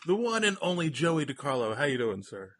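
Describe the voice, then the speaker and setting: An older man hosting a podcast, who laughs often and talks in a halting, chatty way. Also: fairly high pitch, sing-song, fairly bright tone. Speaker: podcast host. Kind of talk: casual chat.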